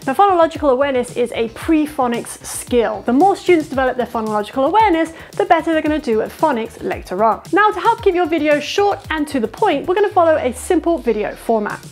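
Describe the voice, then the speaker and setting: Lively high-voiced woman teacher. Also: fast, hardly any pauses, soft background music. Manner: upbeat, direct, practical. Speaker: ESL teacher. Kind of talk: instructional video narration.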